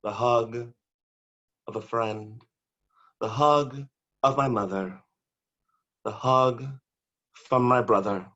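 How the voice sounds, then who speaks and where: A man performing bawdy comic poetry over a video call, theatrical and given to shouted punchlines. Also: medium pitch, slow pace, long pauses, dull audio. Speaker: poet.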